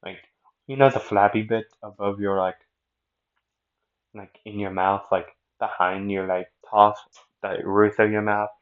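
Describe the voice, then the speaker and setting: A man with a fairly low voice narrates a fan-made anime story in a casual, rambling way. He keeps breaking off for self-mocking asides. The recording sounds dull and lo-fi. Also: fairly even intonation, measured pace.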